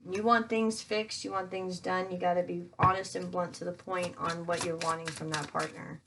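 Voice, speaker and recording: A woman with a somewhat low voice gives a casual tarot reading to her viewers. She is chatty, calls them guys and thinks aloud with fillers as she turns each card. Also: flat delivery, normal speed, vocal fry, a bit bright, a little hiss or hum. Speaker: tarot reader.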